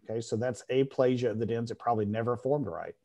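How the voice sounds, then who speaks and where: A man's voice: medium pitch, fast talker, warm tone. A middle-aged man giving a veterinary radiology lecture to a class, explaining step by step and often checking in with "okay?".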